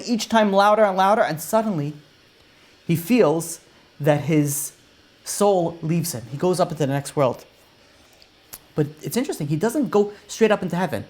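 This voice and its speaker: Rabbi as storyteller, animated, voice swelling and dropping. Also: male voice, sits high. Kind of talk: storytelling sermon.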